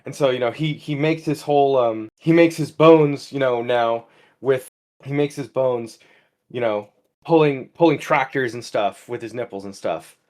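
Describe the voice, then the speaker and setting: A young man co-hosting a comedy podcast, telling an absurd story in halting, rambling bursts. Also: medium pitch, darkish tone. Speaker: podcast co-host. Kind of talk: casual comedic chat.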